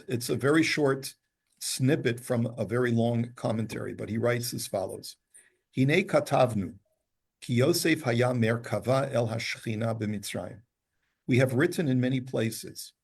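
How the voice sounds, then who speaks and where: A man's voice: medium pitch, vocal fry, darkish tone, slightly rough. A man teaching a Torah class, reading Hebrew passages aloud and then patiently explaining them.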